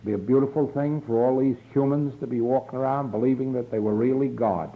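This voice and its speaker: A man giving a slow, earnest spiritual lecture in a church hall, from a 1950s archival tape recording. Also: mid-range voice, steady tone, phone-quality sound. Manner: slow, earnest, deliberate delivery. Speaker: spiritual teacher.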